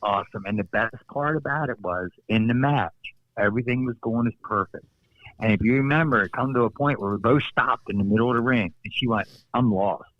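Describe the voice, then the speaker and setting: A man's voice: mid-range voice, a little fast, no room sound, dull audio. A man, a former wrestler, telling stories in a casual interview, acting out quotes and laughing often. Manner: animated storyteller, acts out quotes, laughs often.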